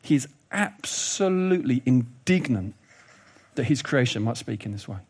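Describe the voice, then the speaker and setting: Animated conversational male preacher. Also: medium pitch, a little slow, breathy edge. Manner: conversational, animated, does funny voices and asides. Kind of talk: sermon.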